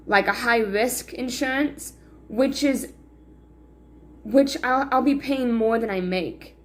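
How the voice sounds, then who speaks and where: A woman with a slightly high voice records a confessional vlog, rambling and hard on herself, stumbling over her words. A faint noise hums behind her. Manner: rambling and self-critical, with restarts and sighs. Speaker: vlogger.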